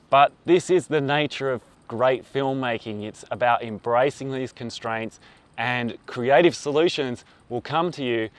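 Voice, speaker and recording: A filmmaking tutor speaks to camera in an instructional video, teaching in an upbeat, conversational way. His medium-pitched voice is clear and resonant, picked up by a lapel mic.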